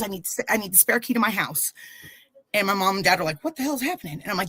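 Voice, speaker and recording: A woman in her thirties, guesting on a podcast, tells a candid personal story, animated and acting out the voices of the people she quotes. She talks fast at a medium pitch with a breathy edge, and the recording is rough.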